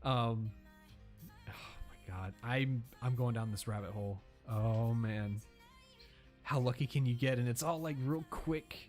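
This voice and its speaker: A man's voice: mid-range voice, a little slow, darkish tone, faint music behind. A man hosting a reaction video, rambling casually with frequent laughs and swearing. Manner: rambling, profane, laughs often. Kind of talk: casual commentary over video clips.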